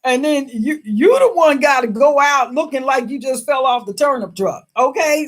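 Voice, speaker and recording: A woman's voice: high-pitched, unhurried. A woman hosting a casual live stream who reads viewer comments aloud, talking in a chatty, emphatic way and laughing often. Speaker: livestream host reading viewer comments.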